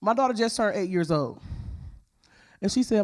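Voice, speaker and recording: A woman shares her personal testimony at a church women's conference. Her pitch swings widely as she speaks, and her delivery is emphatic and expressive. Her speech is casual and plainspoken, delivered to a crowd of women. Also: moderate pace.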